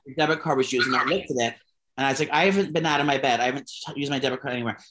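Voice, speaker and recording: A gay man co-hosting a casual gossip chat, swearing freely and telling animated stories full of fillers. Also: medium pitch, racing. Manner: profane, animated storytelling with lots of fillers. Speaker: podcast co-host.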